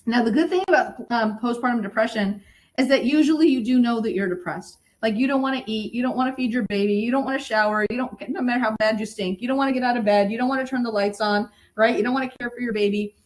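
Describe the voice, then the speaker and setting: A middle-aged woman, a birth educator, explaining in lively conversation and sometimes acting out what new mothers say. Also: a little high, fast talker, poor audio. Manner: animated, acts out quoted moms.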